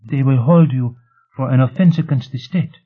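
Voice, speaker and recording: A man's voice: mid-range voice, moderate pace, voice pushed up, lightly acted. A man reading a defiant young woman with a clipped, coldly challenging manner, in an audiobook. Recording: tinny phone-like sound.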